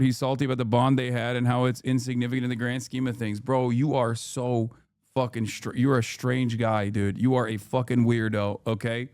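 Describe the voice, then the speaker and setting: A man's voice: mid-range voice, darkish tone, smooth, no echo. A man streams his reaction to a clip, blunt and exasperated, swearing freely. His mid-range voice comes through a close mic with a dry sound. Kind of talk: live stream reaction commentary.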